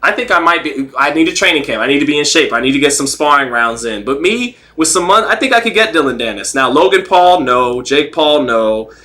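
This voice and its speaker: A man hosting a casual livestream, rambling, joking and reading chat comments out loud. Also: fairly high pitch, animated, brisk, few pauses. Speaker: livestream host.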